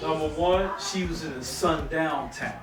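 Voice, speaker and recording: A man with a fairly high voice explains things firmly and slowly in a casual chat. He sits away from the mic in an echoey room, with faint music behind. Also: recorded from a distance.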